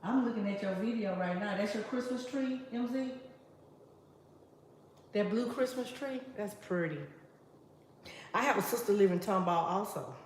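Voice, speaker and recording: A woman's voice: medium pitch, normal speed, long pauses, roomy sound, a little hiss or hum. A middle-aged woman, chatting casually with her livestream viewers while she cooks. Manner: chatty, talks straight to viewers, reads out comments. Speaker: livestream host. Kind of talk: casual live chat while cooking. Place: home kitchen.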